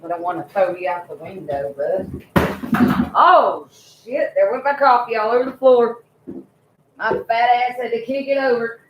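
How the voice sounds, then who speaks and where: A woman's voice: fairly high pitch, moderate pace, roomy sound, dull audio, noisy background. Laid-back woman live-streaming. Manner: loose, laughing, swears casually, talks to pets. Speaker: livestream host. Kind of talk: casual live stream chat.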